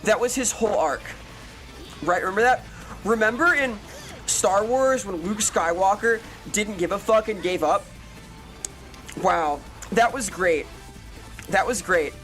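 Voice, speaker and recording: Casual woman streamer, middle pitch, exasperated and profane, faint music underneath. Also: fairly bright tone. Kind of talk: casual live-stream chat answering viewers.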